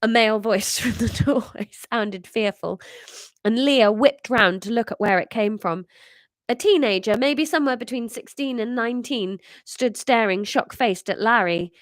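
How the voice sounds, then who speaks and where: A woman's voice: on the high side, normal speed, no room sound. Sex: woman. Role: podcast host. Style: improvised comic story reading. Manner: chatty, self-mocking. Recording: dry, close.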